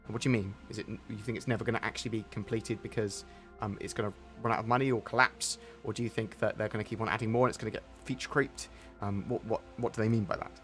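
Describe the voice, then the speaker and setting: A man's voice: lowish voice, fairly even intonation, fast talker, hardly any pauses, a bit bright, faint music behind. A man answering viewer questions on a live stream in a rambling, candid way, with some mild swearing.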